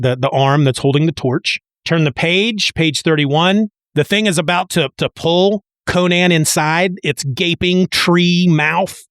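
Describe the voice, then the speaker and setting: A man casually recapping a comic book issue page by page, chatty and excitable, often restarting his sentences. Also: a little high, no echo. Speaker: comic book podcast host.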